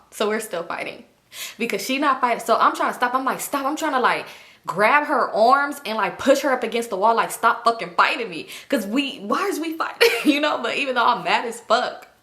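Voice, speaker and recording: Animated young woman with a bright voice. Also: on the high side. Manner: animated, profane, laughs while telling. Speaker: vlogger. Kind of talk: storytime chat to camera.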